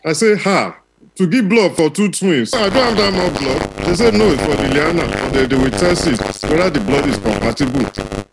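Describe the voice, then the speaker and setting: A man playing an anxious, excitable expectant father with a Nigerian accent, pleading in broken English. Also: fairly high pitch, moderate pace, vocal fry, background noise.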